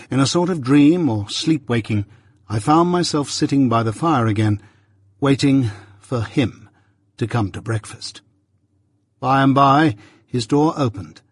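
A man narrating a classic novel in the first person, in a measured, literary storytelling manner. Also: medium pitch, slightly rough, no echo, clean studio sound. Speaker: audiobook narrator.

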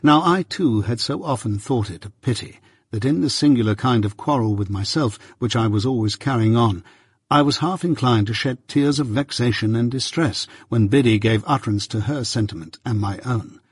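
A man reads a classic novel aloud in a measured, reflective first-person narration. His voice has a husky grain, recorded close and dry with no room sound. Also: medium pitch, dry recording. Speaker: audiobook narrator.

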